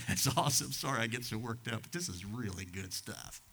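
A man in his sixties preaching a sermon as a pastor, impassioned, swinging from loud outbursts to hushed asides. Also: medium pitch, lively intonation, a little fast, husky. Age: 60s.

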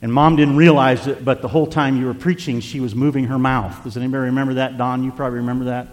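A man's voice: medium pitch, flat delivery, fast talker. An older man preaching a sermon as pastor, telling a personal story in an earnest, tender way to his congregation. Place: church sanctuary. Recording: long hall reverb.

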